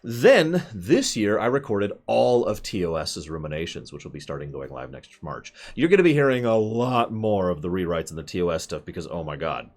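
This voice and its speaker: A man's voice: sits low, very animated, normal speed, hardly any pauses. A man hosting a casual chat over a video call, rambling and joking at his own expense. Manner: rambling, jokey, self-deprecating. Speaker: host.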